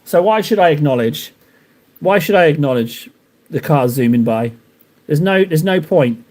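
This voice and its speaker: Man, young adult, live streamer, casual rambling chat, self-mocking, slightly high voice. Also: animated, normal speed, a little mellow. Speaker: live streamer painting miniatures.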